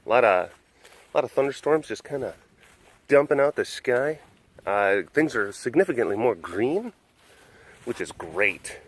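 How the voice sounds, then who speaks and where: A man's voice: medium pitch, sing-song, a little slow, pauses often. A man hosting a casual outdoor webcast at a big cat compound, chatting and cooing affectionate baby talk at the cats. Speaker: animal sanctuary webcast host. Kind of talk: casual walking vlog.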